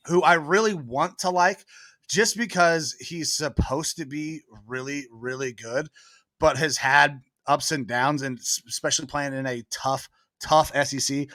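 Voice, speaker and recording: A man's voice: fairly high pitch, a little slow, fairly bright tone, no echo, clean studio sound. A man guesting on a casual sports chat over a video call, easygoing and jokey. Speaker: podcast guest.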